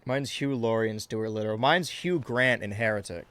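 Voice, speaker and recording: A man's voice: on the low side, moderate pace, a bit bright, smooth. A man streaming a video game in casual commentary, rambling, swearing freely and reading chat questions aloud. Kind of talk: casual let's-play commentary.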